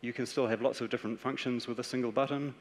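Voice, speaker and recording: A man with a New Zealand accent giving a conference presentation, explaining ideas in a steady, practical way. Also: mid-range voice, fast, a little hiss or hum. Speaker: conference speaker. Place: large conference hall. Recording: echoey conference hall.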